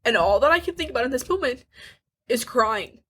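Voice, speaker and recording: An eighteen-year-old woman co-hosting a candid podcast, talking earnestly and haltingly, with frequent restarts and nervous little laughs. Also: high voice, animated, fairly bright tone, husky. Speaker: podcast co-host.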